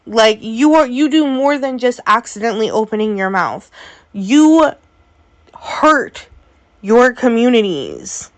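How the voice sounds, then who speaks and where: A woman's voice: a little high, big pitch swings, slow. A woman vlogger giving opinionated commentary, sassy and exasperated, speaking straight at the person she criticizes. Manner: sassy, exasperated, addresses her subject directly.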